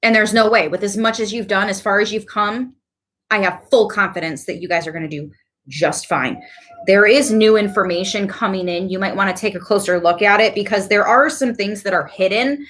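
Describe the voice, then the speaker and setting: A woman giving a casual tarot reading to her viewers, chatty and quick to laugh, with animated asides. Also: medium pitch. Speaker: tarot reader.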